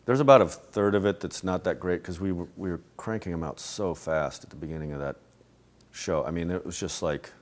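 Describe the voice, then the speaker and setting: Low-voiced man, rambling and laughing softly. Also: a little fast. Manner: rambling, with many restarts and soft laughs. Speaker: interview guest, animator and voice actor. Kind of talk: casual interview conversation. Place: a home.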